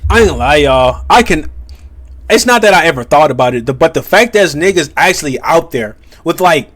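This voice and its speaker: A man's voice: fairly high pitch, expressive, fairly quick, fairly bright tone. Rambling man reacting casually. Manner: rambling, profane, many fillers. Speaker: reaction video host.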